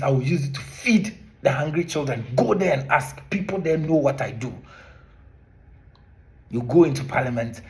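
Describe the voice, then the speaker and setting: A man's voice: a little high, creaky. A man from Ghana with a Ghanaian accent, a former teacher delivering an impassioned monologue to camera, scolding with repeated rhetorical questions.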